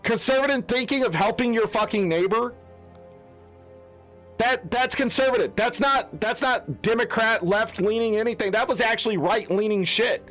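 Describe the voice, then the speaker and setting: A man's voice: high voice, moderate pace, a bit bright, faint music behind. A man who streams games, ranting in an unscripted, heated, profane way. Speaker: gaming streamer. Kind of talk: unscripted rant.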